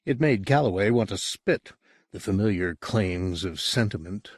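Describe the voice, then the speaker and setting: Low-voiced male audiobook narrator. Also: animated, moderate pace, no echo, studio quality. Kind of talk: audiobook reading.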